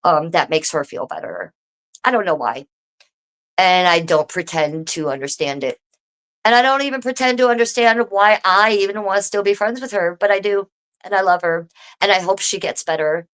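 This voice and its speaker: A woman's voice: medium pitch, normal speed, clear, resonant tone. A woman live streaming from home, talking straight to her viewers in a casual, swearing rant. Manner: swearing, animated, talks to viewers directly.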